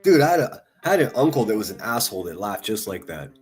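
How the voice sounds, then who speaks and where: A man's voice: lowish voice, big pitch swings, fast talker, soft background music. A man giving profane, taunting live-stream commentary, laughing often as he mocks. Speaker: livestream commentator.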